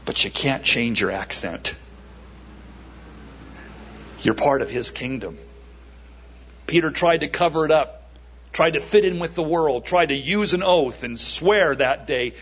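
A man preaching a sermon in a church service and giving an altar call, speaking emphatically with dramatic pauses and repeated words. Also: on the high side, lively intonation, fairly bright tone, highs cut off, slight background noise.

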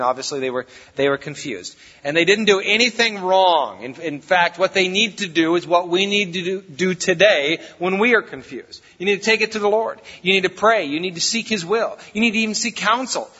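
Bright-voiced pastor in a reverberant hall. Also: male voice, sits high, normal speed. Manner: conversational, folksy preaching. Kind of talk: sermon. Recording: reverberant hall, dull lo-fi sound.

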